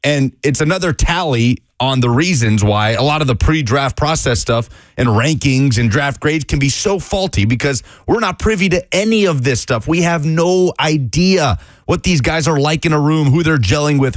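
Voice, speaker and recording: A man co-hosting a sports radio show, talking through football news in an animated, conversational way on a studio microphone. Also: fairly high pitch, moderate pace, few pauses, no room sound. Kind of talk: casual sports radio chat.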